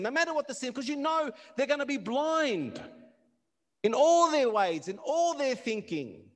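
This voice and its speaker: A man preaching a passionate sermon, repeating words and building to near-shouts. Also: extremely high pitch, sing-song, a little slow. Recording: long reverb of a hall.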